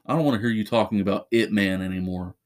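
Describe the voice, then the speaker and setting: A man's voice: on the low side, fast, natural voice. A man voicing a stern but worried father who firmly reassures his son in a spoken horror story.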